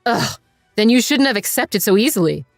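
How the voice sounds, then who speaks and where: A woman voicing a short-tempered, hard-drinking man who is gruff and scornful, then apologetic. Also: a little high, expressive, normal speed, no echo, clean studio sound, faint music behind.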